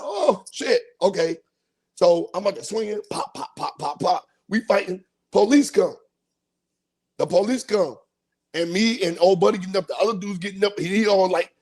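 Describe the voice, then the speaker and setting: A man's voice: high-pitched, a little mellow. A man hosting a podcast, telling a profane comic story and acting out voices and sound effects. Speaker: podcast host.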